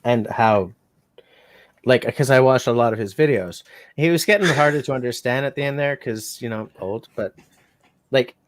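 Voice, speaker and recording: A man's voice: mid-range voice, normal speed, dry recording. A man hosting a casual bushcraft livestream, talking in a rambling, joking, self-mocking way. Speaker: bushcraft channel host.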